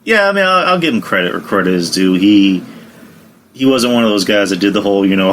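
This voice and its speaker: A man's voice: lowish voice, animated, brisk, fairly bright tone, slight background noise. A man hosting a casual wrestling podcast, rambling with lots of fillers and laughing often. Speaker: podcast host.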